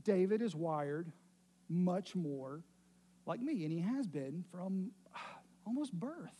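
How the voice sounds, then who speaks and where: Brief: middle-aged male pastor, high pitch, mellow tone, storytelling sermon with light humor. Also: lively intonation, slow, breathy edge. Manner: storytelling, self-deprecating humor.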